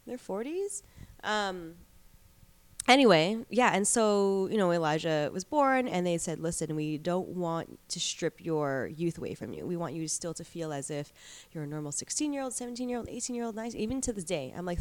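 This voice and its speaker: Her voice sits on the low side, expressive and at a moderate pace. She's a thirty-something guest in a relaxed conversation, spinning stories full of likes and you-knows.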